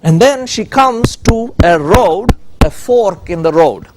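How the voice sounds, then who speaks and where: A man's voice: high-pitched, expressive, takes it slowly, noisy background. A man giving a conference lecture on a handheld microphone, stopping often to ask the audience "okay?". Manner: keeps checking in with the audience, "okay?". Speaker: conference speaker on innovation. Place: conference room.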